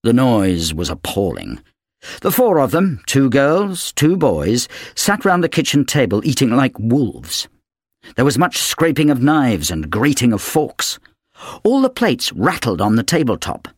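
A man narrating an audiobook with an expressive, dramatic reading. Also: mid-range voice, a little slow, no room sound, studio quality.

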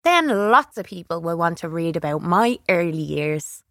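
A woman's voice: lowish voice, expressive, normal speed, a bit bright, no echo, clean studio sound. A woman voicing a bookish, spirited teenage girl who speaks proudly, a little haughtily. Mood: defiant.

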